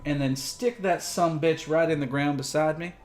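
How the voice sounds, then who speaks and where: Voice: medium pitch, moderate pace, darkish tone. Folksy tabletop game player. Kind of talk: in-character role-play talk.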